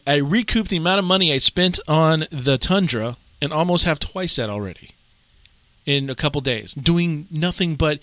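A man's voice: on the high side, pushed and bright, no room sound. A man hosting a casual gaming podcast, rambling and self-amused, laughing often at his own jokes. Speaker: podcast host.

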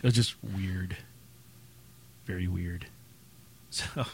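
A man co-hosting a casual gaming podcast, jokey and quick to throw in yelled bits. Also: creaky, slight background noise. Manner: jokey, does squeaky character yells. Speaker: podcast co-host.

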